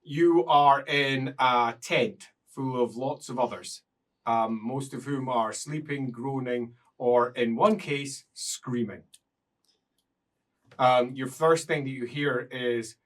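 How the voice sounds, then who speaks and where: A man's voice: medium pitch, slow, a bit bright, distant mic. A man narrating as game master in a tabletop role-playing game, playful and often laughing.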